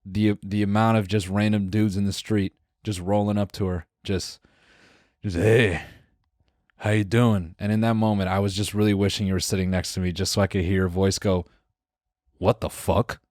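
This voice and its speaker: A young podcast co-host with a lowish voice talks briskly in a clean, studio-quality recording with no room sound. He's an animated storyteller who swears freely and acts out the people he quotes.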